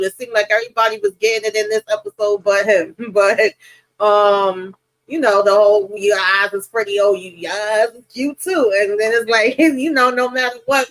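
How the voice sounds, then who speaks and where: A woman's voice: mid-range voice, dry recording, low-quality recording. A woman hosting a live show, chatting casually over a video call, laughing often as she gives her take. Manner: laughs often, relaxed slangy storytelling. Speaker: channel host. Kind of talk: casual chat.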